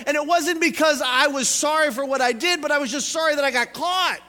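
Male pastor, high bright voice, animated storyteller, hall reverb. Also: a little fast, few pauses. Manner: animated, acts out voices in anecdotes, repeats words. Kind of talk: sermon with acted family stories.

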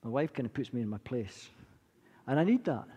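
A man in his sixties preaching a sermon, earnest and repetitive, rising from quiet to impassioned. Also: mid-range voice, very animated, a little fast, husky. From Britain. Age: 60s. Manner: earnest, building from quiet to impassioned, repeats phrases. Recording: long reverb of a large hall.

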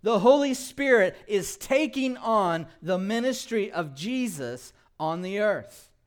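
A man preaches to his congregation in a high, expressive voice that climbs and falls. He takes his time, lets each phrase land, and slips in small jokes and laughs. He asks the room to repeat key words back to him. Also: takes it slowly, smooth. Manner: animated preaching with call-and-response prompts; light humor, laughs at his own jokes. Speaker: pastor. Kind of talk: sermon.

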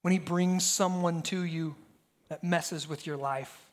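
A man's voice: a little high, steady tone, measured pace. A pastor in his thirties preaching a sermon, telling stories animatedly and firing rhetorical questions at the congregation.

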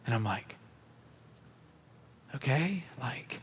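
In a sermon, a man shares his testimony in a casual, conversational way, acting out the dialogue of people in his story and dropping fillers like "like" and "bro." His mid-range voice moves briskly, and the large hall gives a long reverb.

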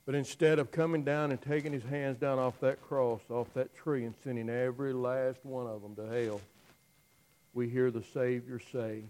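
A man preaching a dramatic storytelling sermon, swinging from loud declaiming to hushed, near-whispered lines. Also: medium pitch, flat delivery, low-quality recording. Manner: slow, drawn-out phrasing with long pauses.

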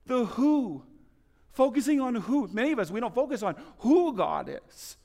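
A man preaching a sermon, telling stories with lively swings between loud, urgent lines and soft, hushed ones. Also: very high-pitched, moderate pace, long reverb tail. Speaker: pastor.

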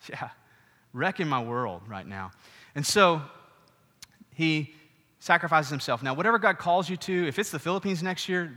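A middle-aged man preaches a sermon in a casual, animated way, tossing asides to his congregation. His voice is somewhat high and bright, and it rings with the long reverb of a church hall. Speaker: pastor.

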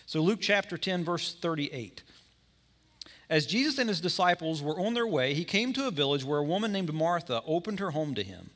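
A male pastor delivers a sermon in an easy, conversational way. His voice sits a little high for a man and sounds bright and forceful, and he brings the scene to life by acting out the people in the story. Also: sing-song, normal speed. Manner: conversational preaching with acted-out scenes.

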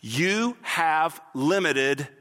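A man preaching a sermon as pastor, animated and explaining scripture with acted-out asides. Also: on the high side, drawn-out words, in a large hall.

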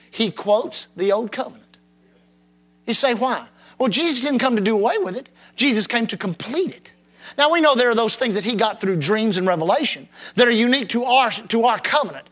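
A man's voice: extremely high pitch, bright, forceful tone. A man preaching a sermon with an impassioned, repetitive cadence, reading scripture aloud in a dramatic King James style.

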